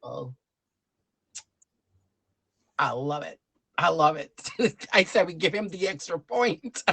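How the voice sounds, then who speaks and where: A woman's voice: low voice, lively intonation, slow, a bit bright, slightly rough, no room sound. A woman hosting a live storytelling stream, chatting with a guest and introducing the next one with many fillers. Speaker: show host.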